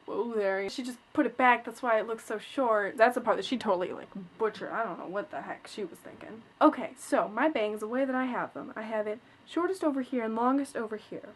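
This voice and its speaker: A woman's voice: on the high side, brisk, few pauses, slightly rough. Chatty exasperated teen girl. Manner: chatty, retells scenes with quoted voices, lots of "like"; exasperated, complaining. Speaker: vlogger. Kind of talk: casual storytelling vlog.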